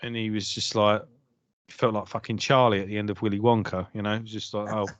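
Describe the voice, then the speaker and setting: A man's voice: lowish voice, level tone, quick pace, no room sound, lo-fi sound. A man co-hosting a casual podcast chat, telling stories animatedly and swearing freely. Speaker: podcast co-host.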